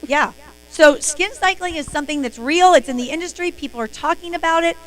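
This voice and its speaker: Woman, sales trainer, motivational, emphatic, somewhat high-pitched, live stream. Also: fairly quick, rough recording.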